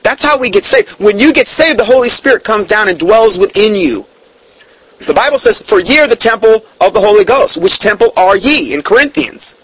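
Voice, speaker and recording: A man's voice: high voice, expressive, moderate pace, fairly bright tone, slightly rough, no echo, poor audio. A man giving a blunt, emphatic Bible teaching, denouncing other churches and quoting scripture at length. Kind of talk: preaching-style Bible teaching.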